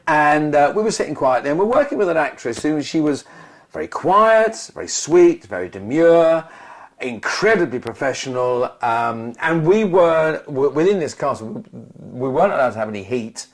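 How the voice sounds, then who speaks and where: A man's voice: fairly high pitch, very animated, normal speed. A man co-hosting a podcast, telling a long anecdote in a rambling way, full of restarts and asides. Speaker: podcast co-host.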